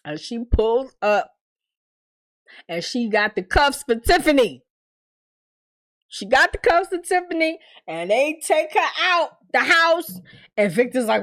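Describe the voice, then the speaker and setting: A woman's voice: high-pitched, animated, a little slow, long pauses, fairly bright tone. A woman hosting a casual TV episode recap, talking straight to her viewers in an emphatic, exasperated way and swearing freely.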